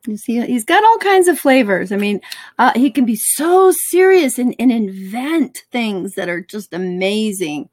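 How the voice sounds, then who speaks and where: A woman's voice: on the high side, lively intonation, a little slow, a little mellow, dry recording. A woman co-hosting a casual couple chat, gushing and giggling affectionately. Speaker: co-host.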